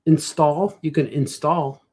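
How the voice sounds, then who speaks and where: A man with a slightly high, husky voice talks loosely as he sketches. He rambles and jokes to himself in a relaxed way. Nothing about it sounds scripted. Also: slow. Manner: rambling, playful, jokey asides to himself. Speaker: cartoonist. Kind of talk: casual chat while drawing.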